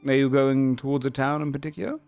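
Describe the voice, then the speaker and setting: A man voicing a regal, composed lion-folk woman who works as a treasurer, speaking in a calm, measured and politely cutting way. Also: medium pitch, clean tone, no room sound, soft background music, natural voice.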